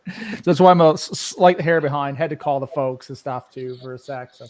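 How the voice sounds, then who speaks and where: A man with an East Coast Canadian accent chats casually on a livestream, rambling and laughing often. His voice is a little high and his pace is brisk.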